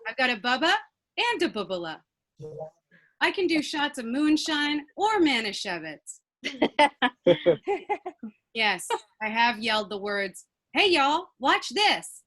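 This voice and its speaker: A young woman performing a stand-up comedy set with punchy, deadpan delivery, laughing at her own jokes. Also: fairly high pitch, unhurried, pauses often, rough recording.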